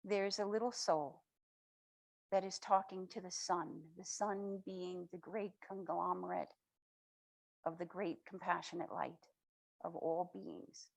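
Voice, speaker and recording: Slow, husky woman giving a spiritual talk. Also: lowish voice, fairly even intonation, darkish tone, low-quality recording. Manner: slow, reflective, affirming. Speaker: guest speaker. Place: spiritual center.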